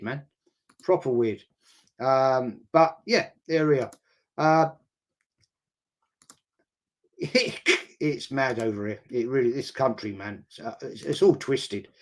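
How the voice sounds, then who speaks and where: A man's voice: on the high side, fairly bright tone. A middle-aged man, hosting a casual football chat and reading out viewer comments in a rambling, chatty way.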